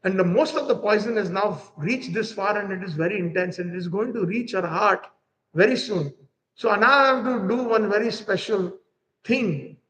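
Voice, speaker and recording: A man's voice: high-pitched, moderate pace, a bit bright, low-quality recording. A preacher voicing a god disguised as a commanding female healer, in a firm, instructing way, close to his own voice. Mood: urgent.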